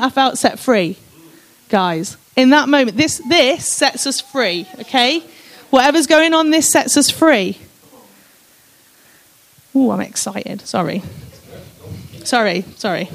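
A woman's voice: fairly high pitch, a little slow, rough recording. A woman sharing her personal testimony with emphasis, reading scripture aloud and addressing her listeners as "guys".

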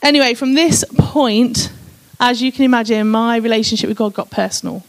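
Emphatic woman giving testimony, higher voice. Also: brisk, rough recording. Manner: emphatic, addresses listeners as "guys". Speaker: speaker sharing her testimony. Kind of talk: personal testimony with scripture reading.

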